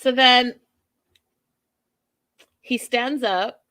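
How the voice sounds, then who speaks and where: A woman hosting a podcast, giving an animated, emphatic, chatty recap of a reality show. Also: fairly high pitch, extremely slow. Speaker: podcast host. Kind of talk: casual TV recap commentary.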